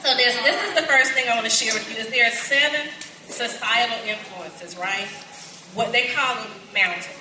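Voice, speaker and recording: A woman's voice: fairly high pitch, moderate pace. Kentucky woman preaching to a crowd. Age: 40s. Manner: lively, folksy, calls out to the crowd. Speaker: pastor. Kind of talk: conference sermon. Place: large conference hall. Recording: echoey hall, distant and noisy.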